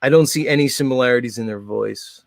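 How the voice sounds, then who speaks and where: A man's voice: medium pitch, fast talker, gravelly, dry recording. A man hosting a show in a casual, mocking, blunt comedic rant. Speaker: host.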